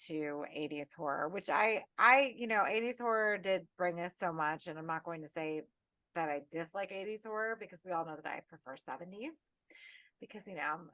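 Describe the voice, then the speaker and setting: A woman co-hosting a casual horror podcast, ranting with lots of swearing in an animated, tipsy way. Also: on the low side, no room sound. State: tipsy and tired. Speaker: podcast co-host.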